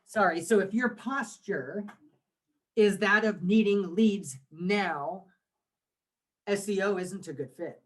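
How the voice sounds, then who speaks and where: A man in his forties, a guest on an interview podcast, explaining things with lively rhetorical questions. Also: high voice, slow, pauses often. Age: 40s. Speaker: guest, marketing agency owner.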